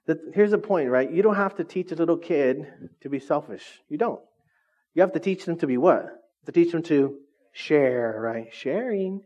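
A man's voice: fairly high pitch, sing-song, slow pace, long pauses, a little mellow. A male pastor preaching a sermon to his congregation in a casual, joking way, often asking them questions, in a dull, lo-fi recording. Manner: conversational, joking, constantly quizzes the congregation. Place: church, before a congregation.

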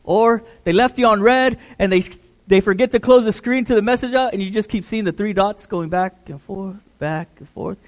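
A man's voice: high-pitched, moderate pace. A middle-aged man, a pastor, preaching a conversational sermon, repeating words as he builds emphasis.

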